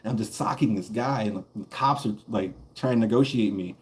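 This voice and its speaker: A man's voice: lowish voice, a little fast. A man streaming a game while telling a story in a casual, profane, rambling way, laughing between lines.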